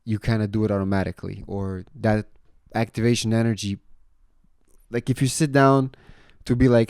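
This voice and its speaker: A laid-back young man talks straight to the camera, his voice low and mellow with a smooth, clear tone. He tells his stories loosely and swears freely, tossing in "man" and "you know" often. When he retells a story he gets loud and animated. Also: brisk, no echo, studio quality. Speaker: vlogger. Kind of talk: casual storytelling monologue.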